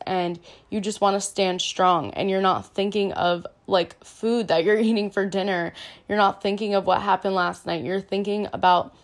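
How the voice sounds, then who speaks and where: Chatty woman explaining yoga basics. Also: medium pitch. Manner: chatty, earnest, self-deprecating, with frequent "um" and "like". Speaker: yoga teacher. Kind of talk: casual explanatory talk.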